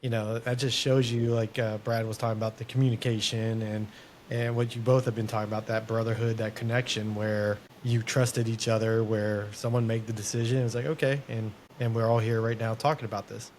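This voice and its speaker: A man's voice: fairly low pitch, little pitch movement, brisk, a little mellow, a little hiss or hum. A man hosting a veterans' interview, reflective and searching for words. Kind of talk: conversational interview.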